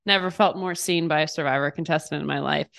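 A woman's voice: deep voice, steady tone, fast, creaky, fairly bright tone. Chatty woman podcast co-host. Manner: chatty, many fillers and restarts. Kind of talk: casual chat.

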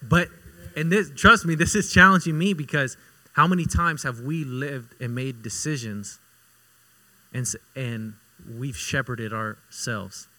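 A man preaching a sermon as pastor, conversational and repetitive for emphasis, moving between loud emphatic bursts and quiet intimate asides. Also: medium pitch, measured pace, rough recording. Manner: conversational, repeats himself for emphasis.

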